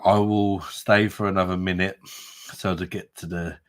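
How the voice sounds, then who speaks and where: A man with a low, deep voice chats loosely and a little drunkenly to his viewers. He jokes, swears freely and rambles in an easy, friendly way as he wraps up a long live stream. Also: level tone, normal speed. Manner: chatty, banter, swears casually. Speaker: beer review livestream host. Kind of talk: casual live stream chat.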